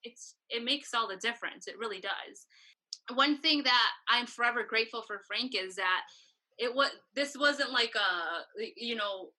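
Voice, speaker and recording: A woman's voice: a little high, moderate pace, low-quality recording. A woman in her thirties, a photographer guest telling stories in a casual interview and acting out the exchanges she quotes. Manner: animated storyteller, acts out quoted exchanges.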